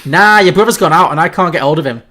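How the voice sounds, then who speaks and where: A man's voice: a little high, fast, bright, forceful tone. A man voicing a brash Liverpudlian mother with a Scouse accent, bossy and blunt as she heads out. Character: brash Liverpudlian mum going out.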